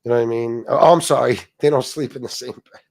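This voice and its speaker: A man's voice: mid-range voice, quick pace, gravelly, darkish tone, no room sound, studio quality. A middle-aged man hosting a livestream, ranting and mocking a rival with heavy swearing and asides to viewers. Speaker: livestream host. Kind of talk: casual profane rant.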